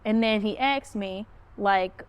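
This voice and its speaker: A woman hosting a podcast, casually recounting a story and jumping her pitch up high when she quotes herself. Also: slow pace, smooth. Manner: animated retelling, pitch jumps up when quoting herself. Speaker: podcast host. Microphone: phone.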